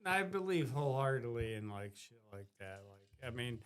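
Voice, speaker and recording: A man's voice: mid-range voice, big pitch swings, moderate pace, fairly bright tone. A man in casual live-stream chat, talking loosely, swearing and calling others bro.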